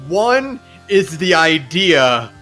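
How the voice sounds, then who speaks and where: A man co-hosting a casual podcast, talking excitedly and swearing as he laughs about a video game's scenes. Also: fairly high pitch, very slow, soft background music. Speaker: podcast co-host. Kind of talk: casual chat.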